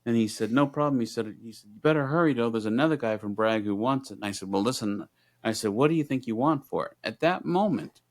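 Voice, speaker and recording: This middle-aged man, a podcast co-host, has a mid-range voice and speaks quickly. Chatting casually, he tells a story and performs both sides of the conversations in it.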